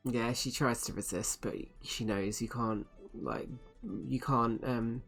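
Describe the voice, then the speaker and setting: A woman's voice: extremely low pitch, fairly even intonation, slow pace, soft background music. A woman playing in a tabletop game, talking hesitantly with fillers as she describes her character. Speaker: player.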